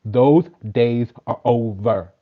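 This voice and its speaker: A spiritual teacher and tarot reader gives a casual, emphatic, profane sermon, preaching in rhythmic lists. His medium-pitched voice moves slowly, captured on a dull lo-fi recording.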